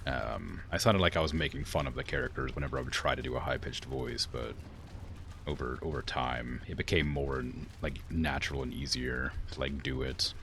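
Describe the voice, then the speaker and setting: This game streamer has an extremely low, steady voice, a bit bright, at a moderate pace, over a little hiss or hum. He chats casually and rambles as he fields viewer questions mid-play, saying "like" constantly.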